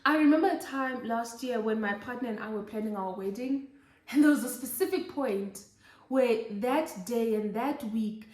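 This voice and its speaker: High-voiced woman preaching in echoey room. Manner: exhorting, repetitive emphatic preaching. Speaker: host of a Christian motherhood show. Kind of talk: preaching Bible study.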